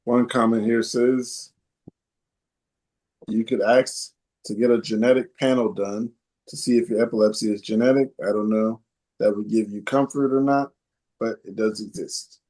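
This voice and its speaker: A man hosts a casual podcast and reads out listener comments. He thinks aloud with frequent ums and restarts. His voice sits somewhat low. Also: fairly even intonation, moderate pace, mellow. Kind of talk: casual chat.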